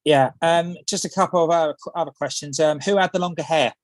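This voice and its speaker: A man's voice: fairly high pitch, fairly quick, no echo. A man hosting a casual radio football show, asking loose questions full of "obviously" and "um".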